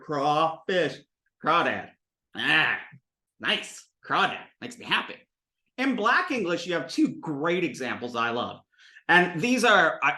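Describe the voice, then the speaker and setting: A man teaching a Sanskrit class, lecturing in a playful, animated way and thinking aloud with restarts. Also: a little high, reverberant. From United States.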